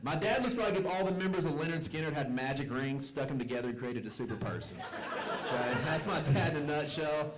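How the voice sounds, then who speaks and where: A man's voice: fairly high pitch, animated, a little fast, rough recording. Man doing stand-up in a comedy club. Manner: Southern-tinged storytelling, acts out family members' voices. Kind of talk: stand-up set. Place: comedy club stage with live audience.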